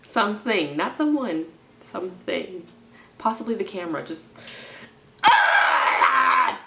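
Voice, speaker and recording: A young woman vlogging in a stressed, rambling confessional, swinging from low mumbling to loud indignant outbursts and slipping made-up words into her speech. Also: lively intonation, normal speed, vocal fry, very noisy. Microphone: camera in front of her. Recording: echoey room.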